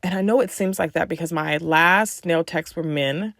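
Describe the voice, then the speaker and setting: A woman's voice: on the low side, normal speed, creaky, dry recording. Woman podcast host, casual and talkative, filler-heavy storyteller, slightly fried voice, dry sound. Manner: chatty storyteller, many "like" fillers, animated retellings. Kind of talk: casual chat.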